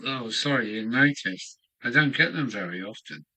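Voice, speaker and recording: A man's voice: medium pitch, bright, forceful tone, slightly rough, low-quality recording. An older man from England, musing aloud to himself in a rambling live-stream chat from his home hobby room. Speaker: model railway streamer.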